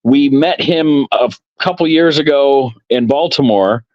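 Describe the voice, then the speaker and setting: A man's voice: medium pitch, a little slow, muffled recording. A man, guest co-creator of a comic, telling anecdotes in a casual interview and acting out the dialogue. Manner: animated storyteller, acts out quoted dialogue.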